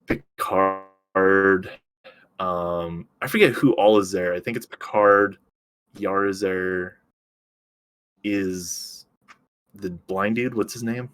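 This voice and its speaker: Low-voiced young man chatting loosely. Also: slow pace, long pauses, fairly bright tone. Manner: loose and joking, many fillers, swears. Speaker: podcast co-host. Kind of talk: casual chat.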